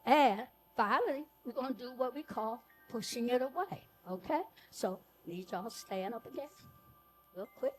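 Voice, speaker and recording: A woman leading a live group breathing workshop, giving slow, soothing cues for each breath. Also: a little high, lively intonation, faint music behind.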